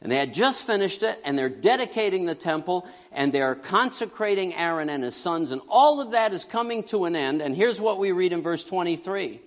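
A middle-aged male pastor preaching in a conversational, joking style, his voice sitting a little high for a man. He swings from loud bursts to hushed asides. The sound carries the long reverb of a large church hall. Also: expressive, fairly quick, few pauses. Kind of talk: conversational sermon. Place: church sanctuary.

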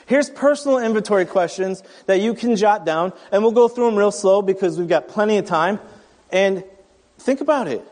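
A man's voice: high-pitched, lively intonation, moderate pace, a little mellow, in a large hall. A man in his thirties preaching a sermon in a conversational, storytelling way, often restarting his sentences. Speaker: pastor.

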